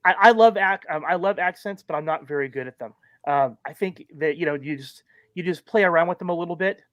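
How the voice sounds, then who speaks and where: A man's voice: a little high, a little fast, a bit bright, no room sound, muffled recording. A man from California, co-hosting a podcast and asking a guest friendly questions. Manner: friendly, asks leading questions. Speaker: podcast co-host. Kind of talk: casual podcast interview.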